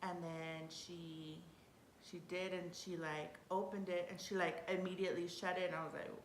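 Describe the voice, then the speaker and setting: A young woman telling a personal story in a casual vlog, chatty and excitable, often laughing and restarting her sentences. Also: moderate pace. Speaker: vlogger. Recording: roomy with faint rumble.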